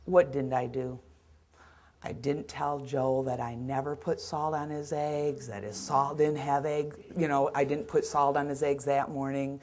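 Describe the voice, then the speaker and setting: A middle-aged woman giving a caregiving seminar, telling stories from her work in an earnest, animated way. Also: extremely low pitch, a little slow. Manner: earnest, storytelling, acts out scenes. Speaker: dementia caregiving trainer. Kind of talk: seminar storytelling.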